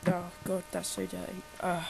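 A man's voice: high-pitched, monotone, moderate pace, vocal fry, a little mellow, slight background noise, rough recording. A man, chatting and teasing his friend during a video game, slightly stuffy from a cold. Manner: joking, teasing, rambling. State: has a cold. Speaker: gameplay co-host. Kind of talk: casual gameplay chat.

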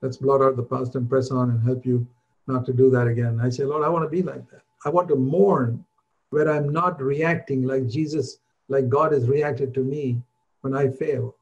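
An older man preaching, earnest and conversational, his pitch lifting on the points he wants to land. His voice is warm and mellow. The recording sounds a little dull and muffled. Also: fairly even intonation, normal speed. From India. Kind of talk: sermon.

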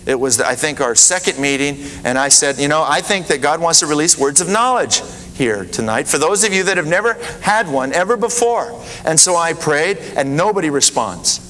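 A man preaching, telling a lively anecdote from his ministry and acting out the dialogue. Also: normal speed, slight background noise. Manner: animated, rising pitch when acting out dialogue. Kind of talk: sermon anecdote. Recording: reverberant hall with faint ambience.

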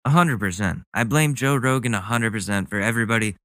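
A man's voice: on the low side, quick pace, a bit bright, dry recording. A man hosting a podcast, ranting about the news with sarcastic, mocking commentary. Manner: sarcastic, mocking, goes on rants. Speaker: podcast host. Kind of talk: casual comedic commentary.

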